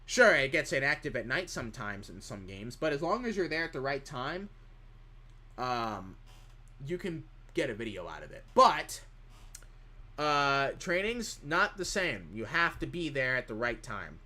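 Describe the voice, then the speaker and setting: Lively, bright-voiced male streamer. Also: mid-range voice, unhurried. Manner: rambling, reads chat questions aloud and answers them. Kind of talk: casual live-stream chat.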